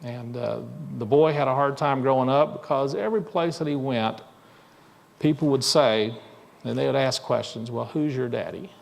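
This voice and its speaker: A male minister telling a story in a sermon, in a conversational, halting way with frequent restarts. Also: mid-range voice, creaky. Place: church sanctuary. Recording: long reverb in a church hall.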